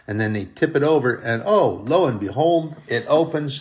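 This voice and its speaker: A man's voice: medium pitch, lively intonation, normal speed, creaky, few pauses. A man preaching a sermon as a pastor, earnest and fond of repeating phrases for emphasis. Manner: earnest, repetitive preaching cadence.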